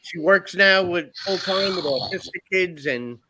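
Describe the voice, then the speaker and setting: A man's voice: high voice, unhurried, background noise. A middle-aged man on a podcast, chatting casually and telling rambling stories with plenty of swearing. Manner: rambling storytelling, heavy swearing. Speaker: podcast co-host. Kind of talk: casual chat.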